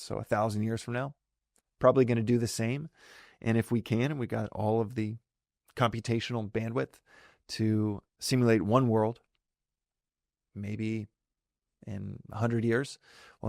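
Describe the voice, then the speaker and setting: A man hosts a solo reflective podcast in a gravelly, lowish voice with a darkish tone, recorded at studio quality with no echo. He explains ideas thoughtfully and often corrects himself mid-sentence.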